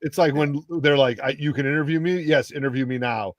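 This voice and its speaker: A man co-hosting a casual live stream, chiming in often with quick agreement. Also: medium pitch, fairly even intonation, dry recording. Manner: eager, frequent short agreements. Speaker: co-host.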